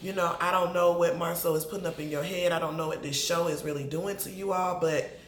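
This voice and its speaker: A woman's voice: lowish voice, a little fast. Chatty woman reviewing reality TV. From Atlanta. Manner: chatty, animated, addresses people on the show directly. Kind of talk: casual commentary to camera. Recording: roomy echo, faint background noise.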